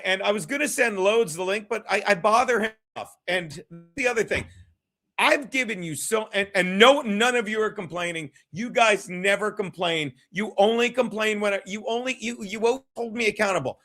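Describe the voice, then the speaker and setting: A man's voice: sits high, brisk, few pauses, sharp tone. Profane, rambling New man on a livestream. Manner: profane, rambling, chats with viewers. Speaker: comedian hosting a livestream. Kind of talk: casual solo livestream chat.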